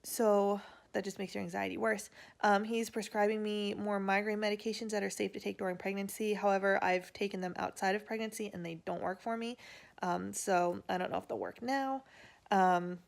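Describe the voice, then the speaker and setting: A woman's voice: mid-range voice, fairly even intonation, moderate pace, vocal fry. A young woman chatting casually at home in her family vlog, rambling with fillers and little laughs. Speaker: vlogger mom.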